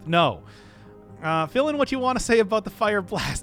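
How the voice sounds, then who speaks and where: A man streaming a game, bantering loosely with his viewers and breaking into laughter. His voice sits high and swings up and down with lively energy. Faint music plays behind him. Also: normal speed. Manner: playful, laughs often, banters with chat. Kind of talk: casual live-stream chat.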